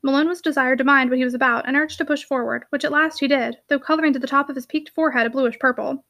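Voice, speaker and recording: A woman reading a classic novel aloud in a brisk, lively narration. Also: high-pitched. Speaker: audiobook reader.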